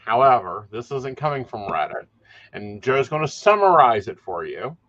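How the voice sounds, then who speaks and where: A man talks in a mid-range voice on a casual podcast. He's blunt and profane and doesn't soften anything. The audio sounds muffled and lo-fi. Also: mid-range voice, very animated, normal speed. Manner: blunt, profane, plain-spoken. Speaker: psychic and podcast co-host. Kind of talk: casual chat.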